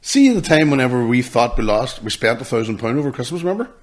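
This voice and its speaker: Man, podcast co-host, teasing, animated pitch. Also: fast. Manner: teasing, excitable. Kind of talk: casual chat.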